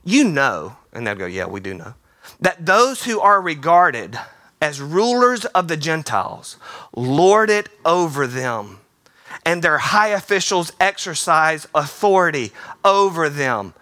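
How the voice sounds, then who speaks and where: A man preaching a sermon in a theater, energetic and playful, slipping into quick voices. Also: fairly high pitch, no echo, studio quality. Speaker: pastor.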